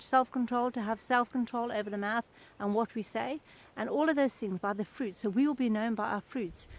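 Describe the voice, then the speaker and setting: A woman's voice: fairly high pitch, slight background noise, rough recording. A middle-aged woman giving an informal devotional talk, earnest and conversational, telling everyday anecdotes.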